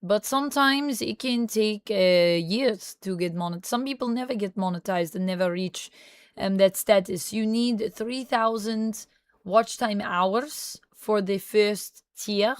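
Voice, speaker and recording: A woman's voice: medium pitch, unhurried, no echo, clean studio sound. A woman streamer chatting casually on a livestream, reading viewer comments aloud and answering them, at times in a playful mock French Canadian accent.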